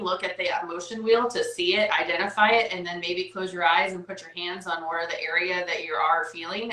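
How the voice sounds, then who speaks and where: A woman's voice: on the low side, bright, forceful tone, reverberant, poor audio. A woman hosting a casual wellness chat over a video call, talking in a chatty, upbeat way with lots of fillers and asides. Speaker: host.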